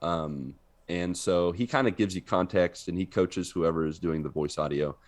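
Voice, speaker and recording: A man co-hosting a podcast, telling an animated story in casual chat and laughing often. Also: sits low, normal speed. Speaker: podcast co-host. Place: living in Brazil.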